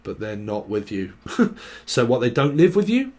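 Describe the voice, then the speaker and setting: A man's voice: mid-range voice, big pitch swings, moderate pace, a little mellow. Rambling man reading tarot. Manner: rambling, slangy, acts out little chats. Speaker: tarot reader. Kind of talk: casual tarot reading monologue.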